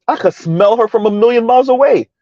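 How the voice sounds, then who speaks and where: A man's voice: extremely high pitch, animated, quick pace, mellow, no room sound, highs cut off. A man giving heated, mocking commentary in a ranting style, his voice jumping up sharply for emphasis. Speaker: online commentator.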